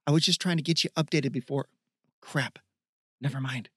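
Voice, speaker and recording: A man's voice: medium pitch, normal speed, a bit bright, husky, no echo, studio quality. A man reading an audiobook voices an easygoing young man who talks in casual, slangy banter with his friend. He lifts his voice somewhat for this role.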